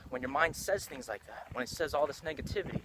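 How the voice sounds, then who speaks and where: Emphatic man over loud outdoor noise. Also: on the high side, lively intonation, fast talker. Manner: emphatic, repeats phrases for effect. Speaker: motivational vlogger. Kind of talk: motivational monologue.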